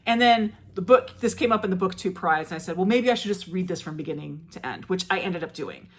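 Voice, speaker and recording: A woman's voice: on the low side, expressive, brisk, husky. A woman talking casually through her month's reading as a book vlogger, enthusiastic and chatty, with frequent fillers and restarts.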